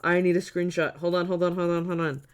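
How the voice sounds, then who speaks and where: A streamer giving live gameplay commentary, giddy and laughing constantly, with excited exclamations. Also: mid-range voice, quick pace, clean tone.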